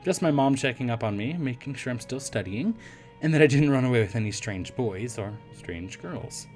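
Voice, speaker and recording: A hoarse man voicing a playful young college woman with a Mexican Spanish accent, in a game read-through. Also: medium pitch, animated, moderate pace, a little mellow, faint music behind, lightly acted. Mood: teasing. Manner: teasing, playful.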